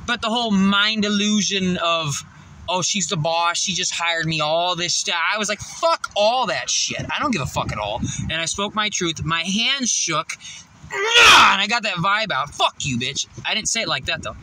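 A man's voice: sits high, very animated, moderate pace, background noise. A man telling a rambling, profane story in a casual vlog, out of breath and laughing often. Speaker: vlogger.

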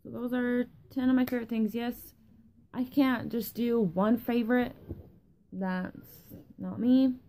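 A woman's voice: on the high side, steady tone, measured pace, warm tone. A young woman vlogging in a casual rambling way, tired from lack of sleep, swearing often and losing her train of thought. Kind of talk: casual rambling vlog chat.

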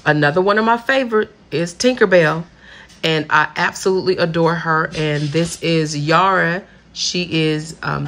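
In a low, gravelly, slightly bright voice, a woman vlogger walks through her purchases in a relaxed haul video. She chats eagerly and gushes, using "y'all" a lot.

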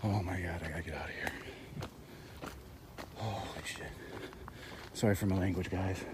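Man, deep voice, out of breath, jumpy and hushed, handheld camera mic outdoors, noisy night air. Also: fairly even intonation, very fast. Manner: nervous, swearing, hushed and jumpy. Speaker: vlogger. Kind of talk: night walk vlog. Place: wooded trail outdoors at night. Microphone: camera rig mic, handheld.

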